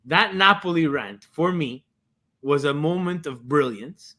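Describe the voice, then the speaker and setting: A man co-hosting a casual football podcast, excitable and given to cheering. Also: on the high side, a little slow. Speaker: podcast co-host. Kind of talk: casual sports talk.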